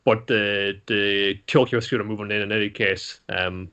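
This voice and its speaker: Excitable sweary man recapping anime. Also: lowish voice, moderate pace, clean tone, muffled recording. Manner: animated, swears often, laughs between lines. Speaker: podcast co-host. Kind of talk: casual anime recap chat.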